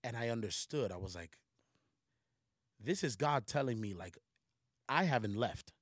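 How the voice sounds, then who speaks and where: A man's voice: mid-range voice, expressive, moderate pace, dry recording, clean studio sound. A man giving a casual, slangy sermon to a livestream audience, talking conversationally and rising into emphatic preaching.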